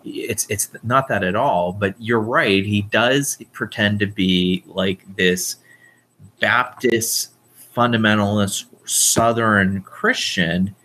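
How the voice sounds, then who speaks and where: A man interviewing a guest in casual conversation, agreeing often and speaking a little haltingly. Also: fairly low pitch, sharp tone, poor audio.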